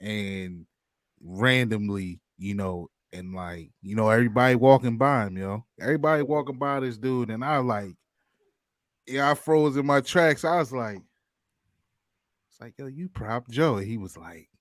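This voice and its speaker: Excited man telling an anecdote. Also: mid-range voice, moderate pace, no echo, studio quality. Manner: excited, storytelling, lively. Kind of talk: casual podcast chat.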